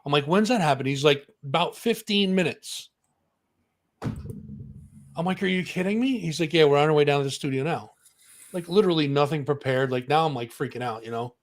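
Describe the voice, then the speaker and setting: A man's voice: fairly high pitch, brisk. A man co-hosting a music talk show, telling a story in casual chat and acting out the voices of the people in it.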